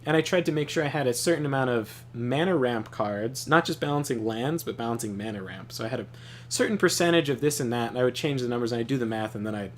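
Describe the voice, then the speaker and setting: A young man streaming a game, telling animated, profanity-laced stories in casual chat. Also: medium pitch, quick pace, slight background noise. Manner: animated storytelling, swears often. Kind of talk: casual chat while gaming.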